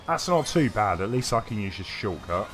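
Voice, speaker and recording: A man's voice: lowish voice, sing-song, moderate pace, fairly bright tone. A man chatting casually on a live game stream, answering viewers in a rambling way with frequent hesitations. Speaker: gaming streamer. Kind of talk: casual live-stream commentary reading chat. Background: faint game music.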